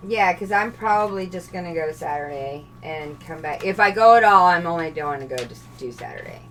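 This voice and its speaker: A woman's voice: fairly low pitch, animated, a little fast, a bit bright, far from the mic, a little hiss or hum. A woman hosting a casual cosplay stream, chatty, laughing often and trailing off mid-sentence. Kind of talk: casual chat.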